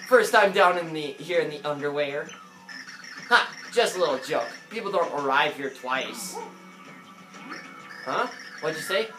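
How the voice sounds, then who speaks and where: A chatty underworld shade, as a man puts him on, breezy and full of jokes. He talks loud and a bit high for a man. There is echo in the room, with game music running underneath. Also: close to an everyday voice. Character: chatty joking male underworld shade greeter.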